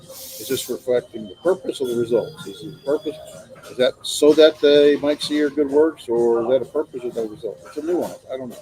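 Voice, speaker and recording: A man's voice: medium pitch, fairly quick, dark tone, low-quality recording. Hesitant male Greek grammar teacher. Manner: hesitant, many fillers and self-corrections. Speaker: Greek instructor. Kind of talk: classroom lecture.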